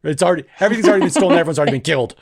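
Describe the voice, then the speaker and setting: A man's voice: a little high, very fast, vocal fry. A young man co-hosting a podcast, telling a story in casual chat and acting out the voices he quotes. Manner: animated, acts out quoted voices loudly. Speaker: podcast co-host.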